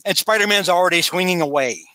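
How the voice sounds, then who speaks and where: A man hosting a casual podcast chat, recapping a story in an animated way and acting out the characters' lines. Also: high voice, quick pace, no room sound. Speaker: podcast co-host recapping a comic.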